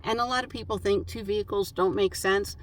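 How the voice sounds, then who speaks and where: A woman's voice: mid-range voice, fairly quick. A woman vlogger chatting casually about her travels, rambling with lots of fillers. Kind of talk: casual chat.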